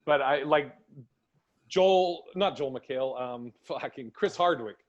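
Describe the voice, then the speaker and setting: A man's voice: medium pitch, takes it slowly, muffled recording. A man hosting a podcast, chatting casually and acting out quoted conversations as he tells stories. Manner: animated storytelling, acts out quotes. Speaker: podcast host.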